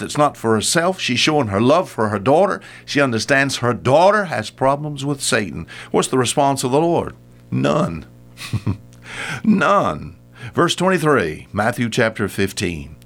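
An older man, a radio Bible teacher, giving a homespun, animated Bible talk and acting out the voices in the story. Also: mid-range voice, normal speed.

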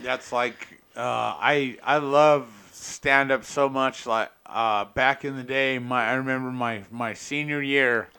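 A man's voice: mid-range voice, fairly even intonation, slow, hardly any pauses, pushed and bright, smooth. A young man hosting a podcast, a stand-up comedian telling rambling stories and swearing often. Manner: profane, rambling storyteller. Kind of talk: casual chat.

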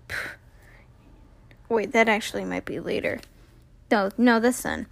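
A woman's voice: medium pitch, measured pace, gravelly, no echo. A young woman recapping a TV episode in a casual, rambling way, full of "like" and acted-out character lines, sounding tired.

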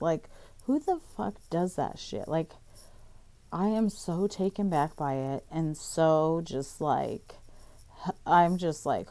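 Exasperated woman ranting with a mellow voice. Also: low voice. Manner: profane, exasperated, heavy use of "like". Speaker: vlogger. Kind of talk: casual storytime rant.

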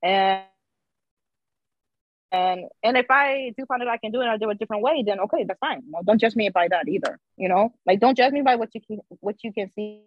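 A woman's voice: mid-range voice, a little fast, dry recording, dull audio. A woman, a podcast guest, talking earnestly in casual chat and often saying "you know".

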